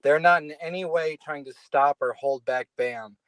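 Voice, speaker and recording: A man's voice: fairly high pitch, moderate pace, a bit bright, no room sound. A man co-hosting a casual podcast, rambling and stammering as he explains his cartoon. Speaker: podcast co-host, cartoon creator.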